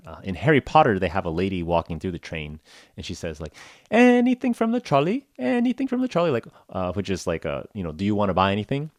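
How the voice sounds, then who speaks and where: A man's voice: low voice, no echo, clean studio sound. A man hosting a casual English-learning podcast, talking in a rambling, jokey way full of "like" and "uh". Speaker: podcast host.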